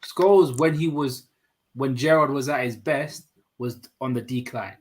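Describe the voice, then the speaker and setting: A man's voice: medium pitch, unhurried. A man arguing about football on a video call, insistent and repeating himself to press his point. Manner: argumentative, repeats himself when making a point. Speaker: host. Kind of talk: casual football chat.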